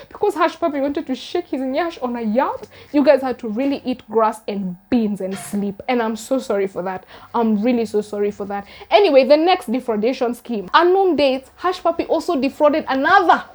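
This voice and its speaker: A woman's voice: high-pitched, brisk, few pauses. A young Kenyan woman vlogging about a crime case in a casual, sarcastic tone, firing off incredulous rhetorical questions.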